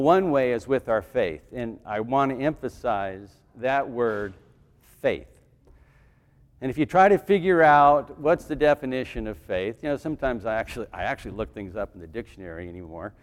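A deacon giving a conversational homily in church, with restarts and asides. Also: male voice, mid-range voice, animated, brisk. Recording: reverberant church hall.

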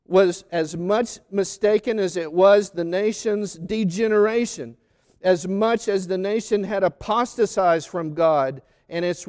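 A man preaching a sermon on a Gospel reading, slow and deliberate, stressing lists of words one by one. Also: sits high, darkish tone, big-room sound.

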